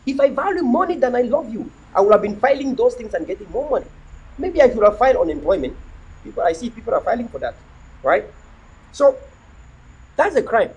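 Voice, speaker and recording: A man's voice: high voice, darkish tone, husky, rough recording. A middle-aged man hosting a livestream, delivering an impassioned, preachy monologue full of repetition and rhetorical questions. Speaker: livestream host.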